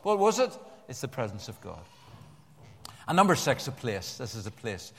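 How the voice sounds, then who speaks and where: An older man preaching a sermon to a congregation in an animated way, repeating words and joking with the listeners. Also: medium pitch, normal speed, creaky. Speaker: pastor. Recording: long church-hall reverb.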